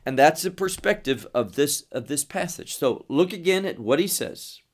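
A man teaching through scripture verse by verse, explaining each phrase in a measured way and pausing between short phrases. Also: fairly high pitch, expressive. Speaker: Bible teacher.

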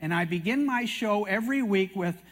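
High-voiced older man telling his testimony. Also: expressive, normal speed. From Canada. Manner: folksy, self-mocking anecdotes with acted quotes. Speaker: TV prophecy teacher speaking at a meeting. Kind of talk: storytelling sermon testimony.

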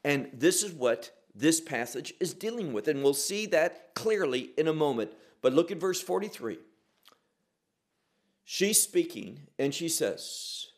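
A man preaching an expository sermon, slow and emphatic, pausing between short phrases. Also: a little high, big pitch swings.

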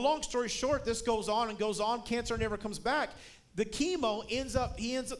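A middle-aged man preaching a sermon as a guest speaker, telling a story and building up to shouted emphasis. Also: sits high.

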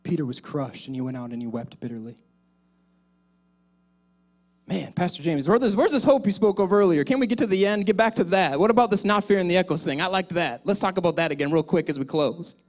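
Here a pastor addresses his flock directly, his sermon lurching from loud calls to soft asides. He sits high in pitch with lively intonation, talking fast and barely pausing.

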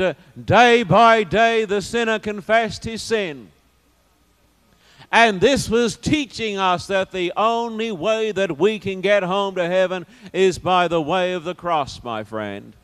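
A man preaching a sermon, swinging from loud declarations to hushed, intimate asides. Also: high-pitched, clear, resonant tone. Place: church or meeting hall. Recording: long hall reverb.

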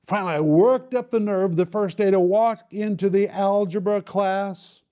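A man preaching, telling his own story dramatically, with quick bursts and slow, emphatic lines. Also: high-pitched, mellow. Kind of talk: sermon testimony storytelling.

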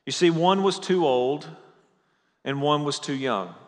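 Preacher in a reverberant sanctuary. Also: male voice, on the high side. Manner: jokey opening, then slow emphatic repetition. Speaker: pastor. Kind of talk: sermon. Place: church sanctuary. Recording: long hall reverb.

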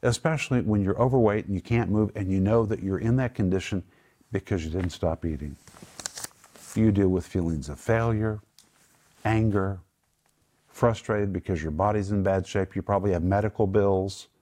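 Earnest preaching man, low voice. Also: normal speed, mellow. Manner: earnest, emphatic preaching that moves into spoken prayer; explains Greek word meanings patiently. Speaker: Bible teacher and host. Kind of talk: Bible teaching in a studio group discussion.

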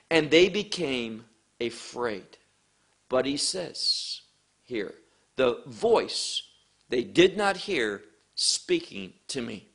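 A man preaching a sermon, teaching from scripture with slow, emphatic phrasing. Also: on the high side, sharp tone.

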